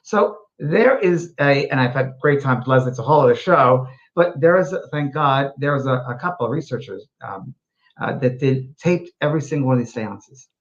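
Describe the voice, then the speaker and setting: A man hosting a livestream talk show, telling stories in an animated way with frequent restarts. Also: medium pitch, normal speed, lo-fi sound. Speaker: host. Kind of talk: casual chat on a livestream show.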